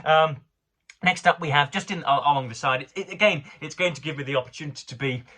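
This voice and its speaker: A man's voice: on the high side, bright, forceful tone. A man reading newspaper items aloud and commenting on them with dry, sardonic asides, often stumbling over his words. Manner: halting, frequent fillers and restarts, dry sardonic asides. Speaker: vlogger reviewing the newspaper.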